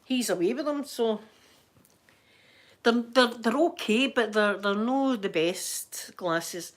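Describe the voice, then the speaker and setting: A middle-aged Scottish woman chatting to her viewers, telling stories and acting out her own panicked screaming in sudden high bursts. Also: slow. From Scotland. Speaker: live-stream host. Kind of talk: casual storytelling chat to viewers.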